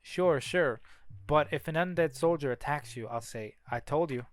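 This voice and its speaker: A man's voice: fairly high pitch, normal speed, natural voice. Man doing a teasing brother in an odd accent. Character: cocky young male mage, teasing older brother.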